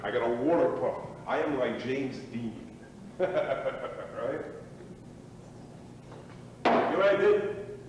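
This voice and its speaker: Male actor as a reckless middle-aged ex-athlete, mid-pitched, boastful, live stage sound with a long hall echo. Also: natural voice. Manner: swaggering, rambling, prods listeners with "right?" and "boy". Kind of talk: live stage play acting. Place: small theater stage. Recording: echoey theater stage, distant mic, noisy.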